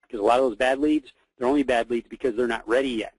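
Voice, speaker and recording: A man hosting a webinar, talking casually through a software demo, repeating words and calling his listeners guys. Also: medium pitch, quick pace, slightly rough, no echo, poor audio. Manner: casual, repeats himself, many fillers, addresses listeners as guys. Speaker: webinar host.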